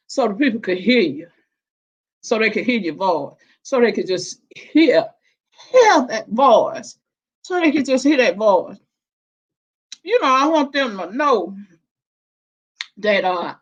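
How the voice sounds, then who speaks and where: A woman chats on her livestream, greeting viewers as baby and child. Her voice sits a little high and she takes her time with every word. The stream audio sounds dull and lo-fi. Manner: warm, affectionate, drawn-out and emotional, calling viewers baby and child. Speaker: livestream host. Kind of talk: casual livestream chat.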